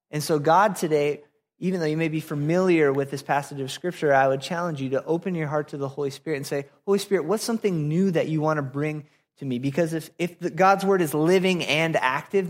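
Young pastor preaching in a reverberant hall. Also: male voice, on the high side. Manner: casual conversational preaching with fillers. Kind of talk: sermon.

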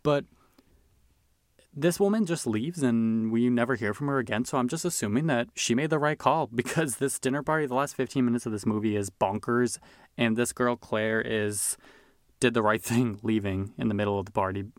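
A man's voice: mid-range voice, moderate pace, no room sound, clean studio sound. A man hosting a film podcast, talking casually and enthusiastically with lots of fillers. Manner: chatty, enthusiastic, filler-heavy. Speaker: podcast host reviewing films. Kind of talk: casual chat.

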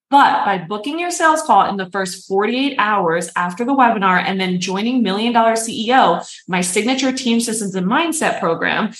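A woman's voice: mid-range voice, a bit bright. Woman reading a promo in an echoey room. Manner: upbeat, salesy, brisk. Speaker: podcast host. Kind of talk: scripted promo read. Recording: roomy echo.

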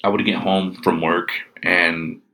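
A man's voice: sits low, a little slow. A middle-aged man casually telling a personal ghost story, acting out what people said. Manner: animated, acts out quoted speech.

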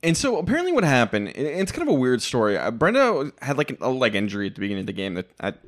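A man's voice: medium pitch, huge pitch swings, racing. A man co-hosting a casual podcast, recapping a reality show with blunt, opinionated asides. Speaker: podcast co-host.

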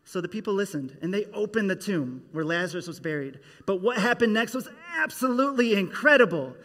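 A man's voice: sits high, fairly quick, few pauses. A man leading a children's church service, telling a Bible story and getting the kids to act along with him. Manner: animated, leads kids in call-and-response. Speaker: children's minister. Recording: echoey hall.

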